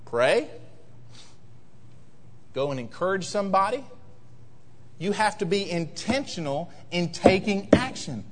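A pastor delivers a sermon in a high, lively voice. He keeps prodding the congregation with rhetorical questions. Every phrase trails off in a long church reverb. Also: unhurried, pauses often, a little hiss or hum. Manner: animated preaching with rhetorical questions. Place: church sanctuary.

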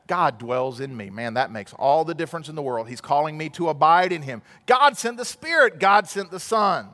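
A pastor delivers a sermon in a conversational, storytelling way and swells into emphatic outbursts. His voice is pitched high for a man. The sound carries a long reverb from a large church hall. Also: animated, moderate pace, pushed and bright.

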